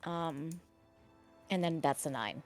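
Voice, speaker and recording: A woman's voice: deep voice, slow pace, dry recording, faint music behind. A woman playing a tabletop game, talking casually and asking about the rules as she plays. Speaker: player.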